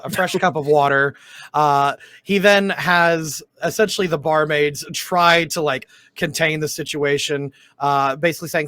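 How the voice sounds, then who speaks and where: Guy running a d&d game, kinda high voice, trips over words a lot, dead dry sound. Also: pushed and bright, clear, resonant tone, dry recording. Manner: halting narration with many restarts. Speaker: dungeon master. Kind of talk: narrating a tabletop game.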